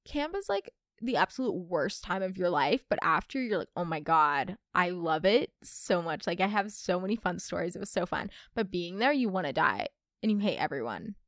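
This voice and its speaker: A young woman hosting a casual storytime podcast, chatty and expressive, reading listener stories aloud. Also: on the low side, fairly quick, no room sound, clean studio sound. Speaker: podcast host.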